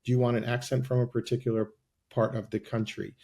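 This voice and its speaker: A man as a guest on a podcast interview, explaining his company's service in a persuasive sales-pitch way. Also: level tone, quick pace, vocal fry, dark tone.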